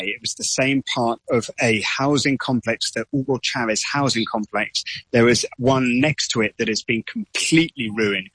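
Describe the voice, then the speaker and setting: A man reporting live from a disaster site outdoors, speaking quietly and earnestly. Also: mid-range voice, husky, no room sound, low-quality recording. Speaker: foreign correspondent.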